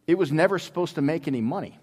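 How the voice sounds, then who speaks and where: A man's voice: on the high side, animated, darkish tone, slightly rough. Man preaching in an echoing church. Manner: storytelling, halting restarts. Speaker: pastor. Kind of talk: sermon. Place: church sanctuary. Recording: long hall reverb.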